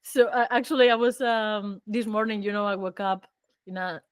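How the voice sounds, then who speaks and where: A woman hosting a podcast, a native Spanish speaker talking in English, lively and searching for words as she chats, laughing often. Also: mid-range voice, moderate pace, clear, resonant tone, no echo. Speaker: podcast host. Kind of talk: casual conversation.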